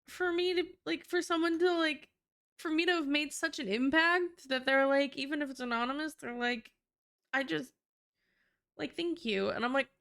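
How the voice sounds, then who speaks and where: A woman's voice: high-pitched, gravelly, a bit bright. A woman streamer chatting casually on a live stream, emotional and tearing up, talking in a gushing way. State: tearful.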